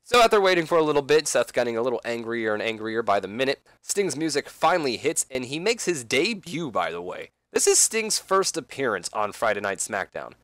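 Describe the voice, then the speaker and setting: A man's voice: mid-range voice, sing-song, brisk, hardly any pauses, fairly bright tone, no echo. A man doing casual game commentary, rambling with fillers and side remarks. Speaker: let's play commentator.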